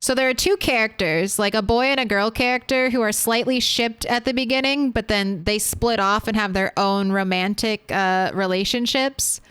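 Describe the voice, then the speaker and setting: A woman's voice: a little high, fairly even intonation, moderate pace, hardly any pauses, fairly bright tone, clear, resonant tone, no echo. A young woman streaming a game, chatting casually as she plays, rambling between topics and swearing freely. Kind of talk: casual gameplay chat.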